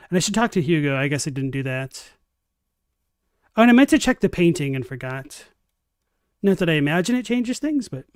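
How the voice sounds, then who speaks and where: High-voiced deadpan young man streaming. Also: smooth, no room sound. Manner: rambling, filler-heavy. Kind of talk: casual live-stream chat while gaming. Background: faint game music.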